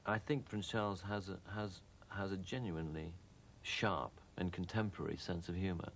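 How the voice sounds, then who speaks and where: A man giving measured, slightly hesitant interview commentary. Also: low voice, slight background noise. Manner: measured, hesitant, repeats words.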